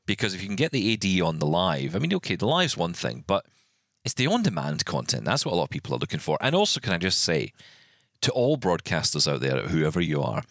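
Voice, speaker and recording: A man with a low, deep voice co-hosts a podcast, his pitch swinging widely as he rants in exasperation. He stumbles over restarts as he talks in casual chat, recorded dry and close with no room sound. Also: fast talker, no echo. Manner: animated, exasperated ranting with many restarts. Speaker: podcast co-host.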